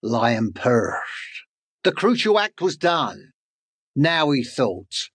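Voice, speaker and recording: A man's voice: mid-range voice, lively intonation, slow, fairly bright tone, slightly rough, no room sound, clean studio sound. A man narrating rhyming children's fables in a sing-song storytelling manner. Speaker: audiobook narrator and author.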